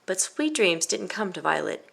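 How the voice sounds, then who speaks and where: A woman reading a children's picture book aloud, expressive and playing out the sound effects. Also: fairly low pitch, normal speed, gravelly, slight background noise.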